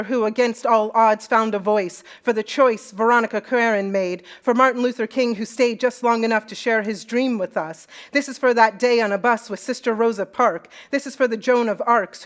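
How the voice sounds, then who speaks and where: Woman performing rhythmic spoken word poetry. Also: fairly high pitch. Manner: rhythmic, building intensity. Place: live event hall.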